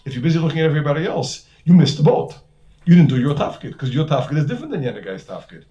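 A man's voice: on the high side, sing-song, very fast, dark tone, muffled recording. A man with giving a conversational Torah lecture as a rabbi, full of Hebrew and terms and repeated words. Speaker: rabbi teaching a class.

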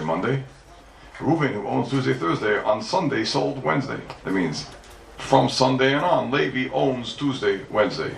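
A man with a somewhat low, gravelly voice lectures on Talmud like a rabbi before his congregation. He hammers his points home, repeating them and firing questions he answers himself. He is recorded from a distance in an echoey hall, with faint background noise. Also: a bit bright.

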